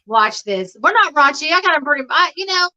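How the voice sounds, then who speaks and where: Chatty woman guest, high bright voice, laughs a lot; dull lo-fi call audio. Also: expressive, a little fast. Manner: chatty, rambling, laughs often. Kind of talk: casual livestream chat. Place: home.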